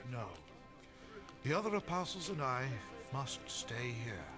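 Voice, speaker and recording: An actor playing a calm, grave male apostle leading his followers in a radio drama. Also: medium pitch, measured pace, over music. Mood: solemn.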